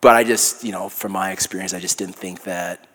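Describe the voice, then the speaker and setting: A man in his thirties with a Minnesota accent speaks briskly in a deep, steady, fairly bright and slightly rough voice. As a guest in a conversational interview before a congregation in a large hall, he's easygoing and reflective and acts out quotes, with hall reverb on the recording.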